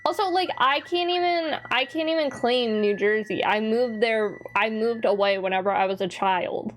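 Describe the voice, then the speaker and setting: A woman streamer giving casual commentary while playing a game, playful and rambling, mock-yelling at her chat. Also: fairly high pitch, moderate pace.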